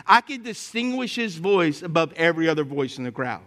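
Animated male preacher telling stories. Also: moderate pace. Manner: lively storytelling with humor, speaking to the congregation; swings from loud emphatic points to quiet, low asides. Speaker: pastor. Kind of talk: sermon.

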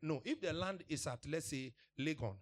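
A man's voice: on the high side, normal speed. A man preaches to his congregation. He speaks emphatically, repeating his points and laughing now and then between them. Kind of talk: sermon.

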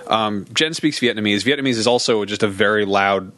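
A man's voice: on the low side, fairly bright tone, no echo. Joking podcast co-host, man, dry close mic, profane casual chat. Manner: profane, joking, quick asides.

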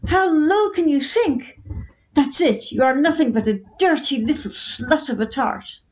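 A woman's voice: high-pitched, lively intonation, unhurried, voice pushed up, low-quality recording. A woman reading a story, voicing a middle-aged mother who screams abuse at her daughter. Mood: screaming. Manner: screaming, abusive.

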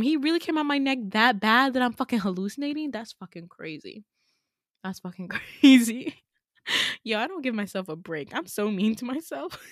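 A woman's voice: medium pitch, bright, forceful tone, no echo, studio quality. A young woman hosting a podcast and telling a dream story in casual chat, full of fillers, swearing and self-mocking laughs. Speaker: podcast host. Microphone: home podcast mic.

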